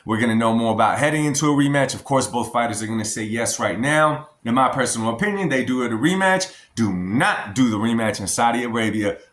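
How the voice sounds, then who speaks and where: A man's voice: medium pitch, lively intonation, fast talker, few pauses, fairly bright tone, roomy sound. An American man giving a casual, emphatic opinion vlog as a boxing commentator, often addressing his viewers as y'all. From United States.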